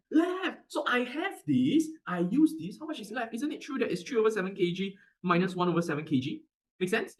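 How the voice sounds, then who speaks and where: An energetic male math tutor with a Singaporean English accent. His pitch rises and falls widely, and he talks at a fast clip. He keeps checking that his students follow along. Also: low-quality recording. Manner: animated, keeps checking understanding. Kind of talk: classroom math lesson.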